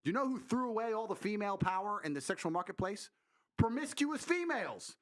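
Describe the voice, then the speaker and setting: Man, brash and boastful, high lively voice, quick talk, music behind. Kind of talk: casual storytelling rant.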